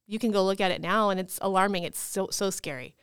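A woman from California co-hosting a podcast, talking in an earnest, measured way with many fillers. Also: mid-range voice, a bit bright, clear, resonant tone, dry recording, studio quality. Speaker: podcast co-host. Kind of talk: casual chat.

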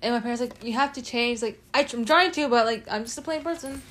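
A young woman with a fairly high voice speaks bluntly and rants in slang. Her casual chat is full of exasperated asides. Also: quick pace, fairly bright tone. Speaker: co-host.

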